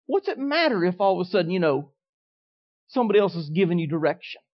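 Man voicing the Holy Spirit: soft, calm, gently correcting; dull lo-fi recording. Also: high-pitched, fast talker. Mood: gentle urging.

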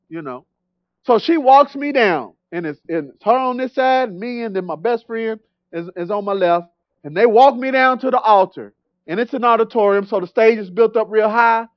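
A man preaching a sermon in a church, telling his own story in an animated, storytelling way and often repeating words. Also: high-pitched, no echo, highs cut off. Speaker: guest preacher. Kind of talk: sermon with personal testimony.

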